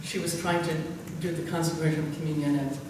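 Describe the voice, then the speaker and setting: An older woman pastor talks fast in a low, steady voice, telling anecdotes conversationally as she rambles, chuckles and uses many fillers. She is captured from a distance in a church hall with a long echo and faint underlying noise.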